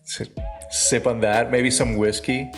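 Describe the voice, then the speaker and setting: A man's voice: mid-range voice, fairly even intonation, takes it slowly, music in the background. A man co-hosting a podcast, talking in an easygoing way and laughing along. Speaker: podcast co-host. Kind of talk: casual chat.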